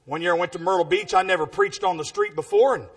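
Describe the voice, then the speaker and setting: A man preaching a storytelling sermon in a big booming voice, dropping in "amen" as he goes and breaking into shouts. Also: wildly swooping pitch, fast talker, vocal fry, breathy edge.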